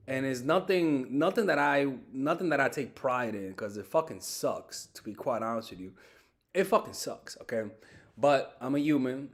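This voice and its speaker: A young man giving casual dating advice in a monologue, swearing often and repeating himself as he talks. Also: mid-range voice. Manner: animated, swears often, repeats and restarts words. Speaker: dating coach.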